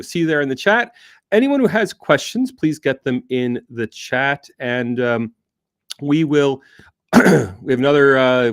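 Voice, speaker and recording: A man's voice: medium pitch, no echo, studio quality. A man hosting a casual livestream from a desk, joking and self-mocking with frequent chuckles as he reads comments and answers questions. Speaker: livestream host.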